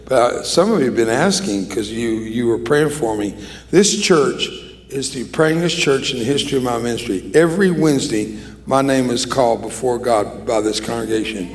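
Joking, emotional preacher with a gravelly voice. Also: male voice, medium pitch, moderate pace. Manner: joking, emotional, self-deprecating. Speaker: guest preacher. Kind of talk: sermon. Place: church sanctuary.

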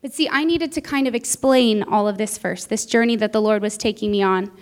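A woman's voice: medium pitch, a little fast, clean tone. A woman preaching a sermon, telling a personal story in an earnest way and acting out what she said back then. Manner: earnest, storytelling, acts out her own past words.

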